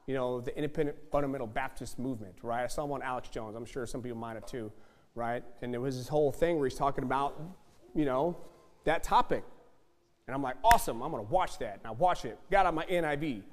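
A man preaching a fiery sermon, emphatic and repetitive, building to loud outbursts. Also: mid-range voice, fast, in a large hall. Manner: emphatic, repetitive, rising to shouts.

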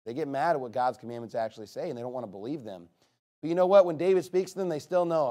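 A male pastor preaching a sermon, emphatic and rising to loud passages as he drives his points home. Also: medium pitch, expressive, quick pace.

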